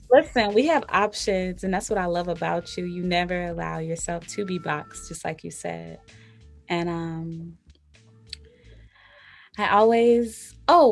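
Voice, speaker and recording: A woman hosting a podcast, speaking in an encouraging, affirming manner. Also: on the low side. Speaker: podcast host. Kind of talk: candid podcast conversation.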